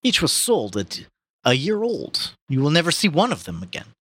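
Voicing an old boar who rallies the farm animals with fiery speeches, a man puts on a Russian accent for a comic dramatic reading. His slightly bright, breathy voice swings hugely in pitch at normal speed, booming and heavily acted with a mournful mood, and he slips out of character into laughter. The recording is dry.

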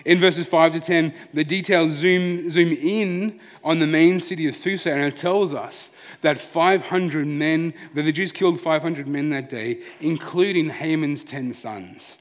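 Man, pastor, earnest conversational sermon, slightly high voice, long hall reverb. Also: measured pace, hardly any pauses. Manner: earnest, conversational preaching with restarts.

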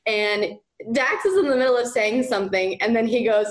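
A woman's voice: fairly high pitch, normal speed, roomy sound. A young woman co-hosting a podcast over a video call, telling stories in a chatty, giggly way. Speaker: podcast co-host. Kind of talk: casual chat.

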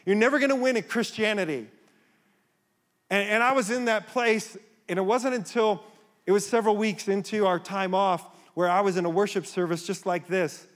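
A man's voice: high voice, fairly even intonation, moderate pace. Impassioned man preaching in a reverberant hall. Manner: impassioned, rising to emphatic calls. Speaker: pastor. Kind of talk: sermon. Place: church sanctuary.

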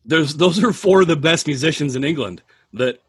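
A man in casual podcast chat, telling animated, rambling stories about bands. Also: fairly high pitch, moderate pace, slightly rough, dry recording, studio quality.

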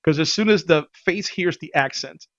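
A man casually telling a vacation story on a podcast, animated, often laughing and acting out what people said. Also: a little high, moderate pace, highs cut off.

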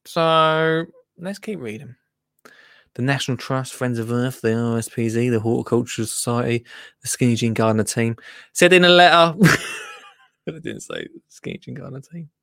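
A man hosting a podcast, reading out gardening news in a loose, jokey ramble full of asides. His voice is bright and forward, and it sits close and dry on the mic. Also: mid-range voice, sing-song, normal speed, creaky, no echo. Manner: rambling, self-interrupting, jokey. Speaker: podcast host.

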